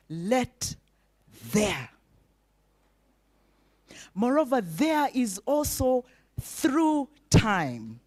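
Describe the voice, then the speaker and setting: A woman delivers an inspirational keynote at a breakfast event. She speaks slowly and emphatically, leaning on repetition and rhetorical questions. Her voice sits at an ordinary middle pitch for a woman. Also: darkish tone. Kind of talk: inspirational speech with call-and-response.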